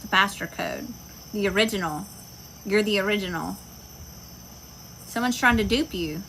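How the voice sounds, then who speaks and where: A woman reads tarot cards in a loose, blunt, heavily profane way, hammering her points home. Her voice sits at an ordinary middle pitch. Crickets and insects chirp clearly behind her. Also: moderate pace, bright, forceful tone, a little hiss or hum, poor audio. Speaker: tarot reader. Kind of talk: casual tarot reading.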